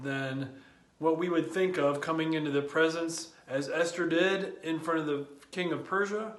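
A man giving a spoken daily devotion, talking in a slow, deliberate and reflective way. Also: a little high, a bit bright, reverberant. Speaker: devotional speaker.

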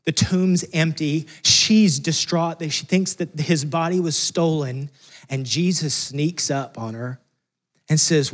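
A man's voice: a little high, moderate pace. Earnest conversational male preacher. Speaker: pastor. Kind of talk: sermon.

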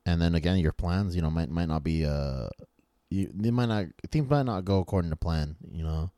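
A man co-hosting a podcast, talking casually about comics in an easygoing, halting way with many fillers. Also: deep voice, warm tone, no echo, clean studio sound. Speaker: podcast co-host.

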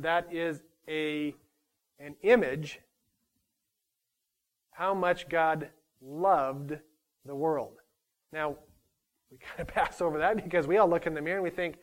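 Middle-aged male Bible teacher, fairly high voice, lively casual preaching with jokes at his own expense. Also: slow pace, long pauses. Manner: conversational, animated preaching with self-deprecating humor. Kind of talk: sermon.

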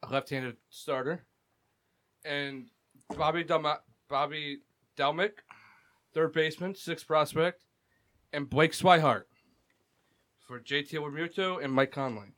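A man co-hosting a casual group podcast, brash and quick to swear. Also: fairly high pitch. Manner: brash, swearing, loud bursts. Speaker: podcast co-host.

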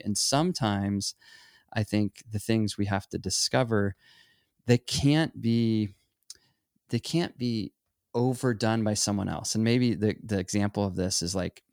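A middle-aged man with a low, gravelly voice chats casually about creativity. He muses and wanders through restarts and acts out quoted voices. The sound is dry and close. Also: a little mellow, dry recording. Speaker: photography teacher. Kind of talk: casual conversation.

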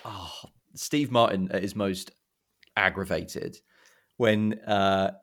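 A man co-hosting a casual film podcast, telling scenes with animated retellings and quoting lines. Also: low-pitched, slow pace. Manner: animated, quotes movie lines with gusto. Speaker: podcast co-host. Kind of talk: casual film review chat.

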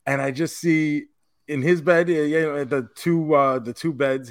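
A man's voice: fairly high pitch, no room sound, clean studio sound. Casual storytelling podcast host, man. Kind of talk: casual chat.

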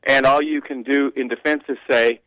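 A man's voice: mid-range voice, fairly even intonation, normal speed, a bit bright, dry recording, rough recording. A man, a regular guest on a talk radio show, giving opinionated commentary with mocking asides. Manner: opinionated, mocking quoted voices, rambling restarts.

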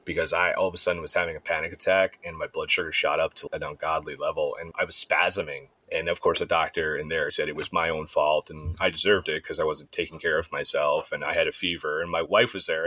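A man with a very low voice but a bright, forceful edge tells frank, swearing stories in a casual chat, slipping into the voices of the people he quotes. The sound is close and dry, with no room around it. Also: fairly even intonation, fairly quick, dry recording. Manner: candid, swearing storyteller who acts out quoted voices.

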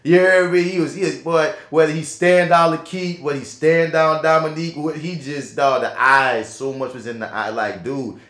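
A man co-hosting a podcast and reviewing a film in casual chat, animated and profane with slangy emphatic asides. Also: on the high side, normal speed, few pauses. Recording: roomy echo.

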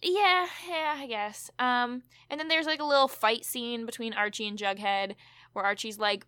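A woman's voice: on the high side, moderate pace, pushed and bright, clean tone, no echo, studio quality. A woman co-hosting a podcast, recapping a TV episode in casual chat with chatty asides and fillers. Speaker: podcast co-host.

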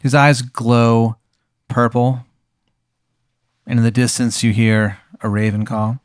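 A man's voice: medium pitch, level tone, slow, clear, resonant tone, no room sound, studio quality. A man narrating an improvised role-playing game as game master, casual and meandering with frequent swearing.

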